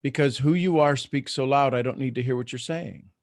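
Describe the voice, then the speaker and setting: A man's voice: medium pitch, a little fast, no room sound, clean studio sound. A middle-aged man hosting a live online coaching talk, speaking earnestly with many restarts as he explains his points. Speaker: host.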